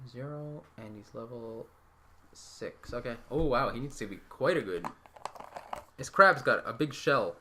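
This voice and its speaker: A man running a tabletop game as game master, counting out rolls and damage in a casual, relaxed way. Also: mid-range voice, unhurried, background noise.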